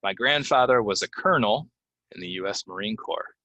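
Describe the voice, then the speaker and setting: A man teaching English pronunciation, reading example sentences and then repeating key words slowly with clear stress. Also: lowish voice, expressive, bright, forceful tone. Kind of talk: pronunciation lesson. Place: Orlando, Florida.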